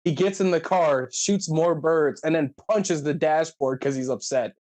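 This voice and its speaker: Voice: medium pitch, unhurried. A podcast co-host casually recapping a movie, acting out the characters' lines. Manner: animated storytelling, acts out characters' lines.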